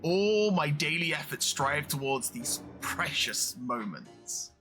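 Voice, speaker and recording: A man's voice: fairly high pitch, big pitch swings, bright, forceful tone, faint music behind, heavily acted. A man playing a pompous mad scientist. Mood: coldly gloating. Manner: slow, grandiose, coldly polite villain monologue. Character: cold, pompous male mad scientist doctor. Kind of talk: game voice-over.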